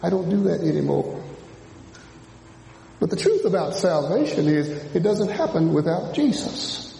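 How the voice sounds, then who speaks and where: A man's voice: expressive, a little slow, creaky, a little hiss or hum. Male preacher in an echoing hall. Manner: rising to shouts and dropping low, mimicking churchgoers. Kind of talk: sermon. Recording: echoey hall from a distance.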